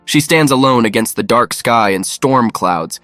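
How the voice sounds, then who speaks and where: Dry, even-voiced male narrator. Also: mid-range voice, unhurried, no echo, soft background music. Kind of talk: scripted narration.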